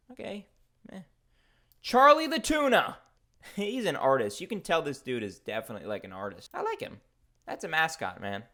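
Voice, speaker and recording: Male vlogger, mid-pitched, highly expressive delivery; jokey, rambling casual commentary. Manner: excitable, jokey, laughs often, rambling asides. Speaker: video host ranking food mascots.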